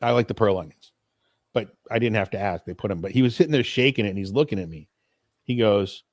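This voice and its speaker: A man's voice: lowish voice, fast talker, no room sound, studio quality. A man co-hosting a casual late-night podcast, telling stories in a blunt, profane way. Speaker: podcast co-host.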